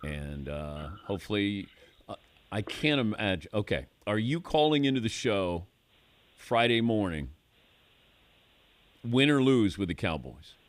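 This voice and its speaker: An older man hosting a sports radio show, chatting casually with a wry, relaxed manner and frequent laughs. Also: lowish voice, unhurried, pauses often, dry recording. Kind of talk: casual studio banter.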